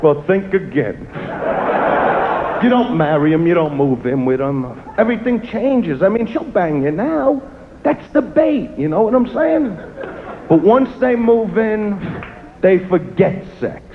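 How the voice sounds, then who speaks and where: A man's voice: high-pitched, animated, unhurried, phone-quality sound, a little hiss or hum. A male stand-up comedian doing crude, brash crowd work with a swaggering manner on a stage before a large live audience.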